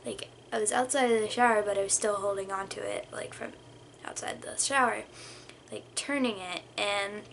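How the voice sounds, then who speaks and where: A woman's voice: mid-range voice, moderate pace, gravelly, a bit bright, slight background noise. A young woman telling a storytime vlog in a rambling, casual way, full of "like" and dropping into whispers. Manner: rambling, lots of "like" fillers, drops to whispers. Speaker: vlogger.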